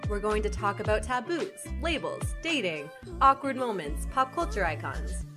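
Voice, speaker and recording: A woman's voice: medium pitch, lively intonation, normal speed, music in the background. A young woman co-hosting a podcast, chatty and teasing in casual talk. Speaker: podcast co-host.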